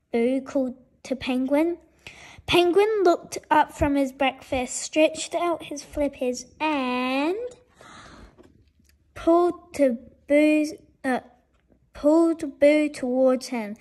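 A woman reading a children's bedtime story aloud, gentle and expressive, with small slips. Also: high-pitched, takes it slowly.

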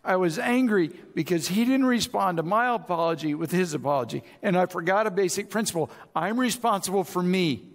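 A man's voice: sits high, expressive, brisk, few pauses, long reverb tail. A man preaching a sermon as pastor, speaking conversationally and acting out both sides of arguments. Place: large church auditorium.

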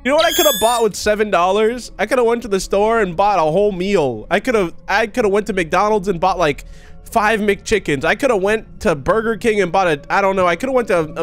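A young man giving excitable, laughing commentary while playing a horror video game. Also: sits high. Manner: excitable, laughing, talks to himself and the viewers. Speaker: gaming YouTuber.

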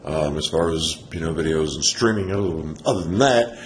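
A man's voice: rumbling low, brisk, reverberant, a little hiss or hum. A man vlogging at home, chatting in a playful, teasing way and laughing often. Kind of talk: casual chat. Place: home, indoors.

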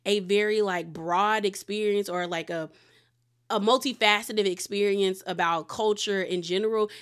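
A woman from the Washington DC area giving a chatty, opinionated recap of a reality show, her pitch jumping up when she gets excited. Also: normal speed, smooth. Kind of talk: casual recap commentary.

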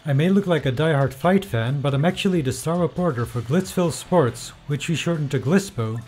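A man's voice: on the high side, animated, a little fast, a little mellow, slightly rough, soft background music. A man voicing a gossipy male sports reporter who poses as a fight fan, boastful and eager about headlines.

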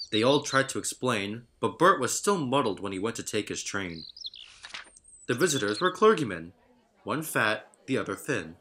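A man narrating a children's railway story in an expressive reading voice. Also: mid-range voice, moderate pace, slight background noise. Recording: narration over loud music.

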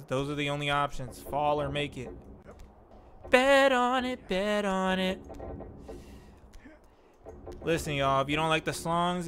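A young man giving casual commentary while streaming a climbing game, laughing and yelping as he plays. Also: a little high. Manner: excitable, laughs and yelps at the game.

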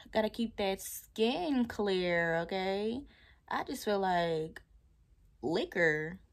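A Southern American woman in her twenties, a vlogger, chats casually with viewers while taking down twists. Her mid-range voice has lively intonation and an extremely slow pace, with playful asides and laughs.

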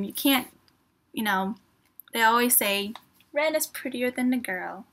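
A woman vlogger with a slightly high voice talks casually through an unboxing. She gushes with excitement, reads printed lines aloud, and now and then drops to a soft near-whisper. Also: normal speed. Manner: gushing, excitable fan talk.

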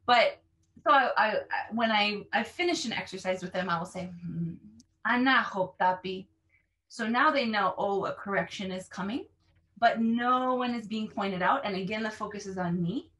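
A woman language teacher explaining how she runs her classes, animated and acting out phrases with exaggerated intonation. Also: medium pitch, normal speed, distant mic.

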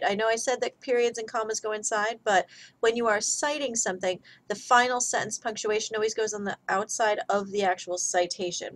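A woman's voice: mid-range voice, low-quality recording. A woman giving a recorded grammar lesson as a writing instructor, talking casually through examples. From United States.

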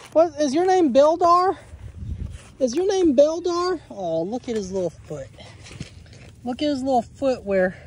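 A man's voice: very high-pitched, warm tone. A man filming at his homestead, talking to his dogs in a playful, coaxing baby-talk voice. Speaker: homestead vlogger. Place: outdoors at a homestead dog pen.

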